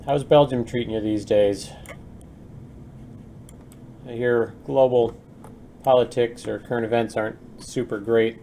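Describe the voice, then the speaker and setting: A young adult man streams his game development work, chatting casually with viewers, reading chat aloud, and muttering as he goes, with faint keyboard typing behind him. His medium-pitched voice is steady and mellow, a little slow, with vocal fry and frequent pauses. A slight hiss or hum sits in the audio.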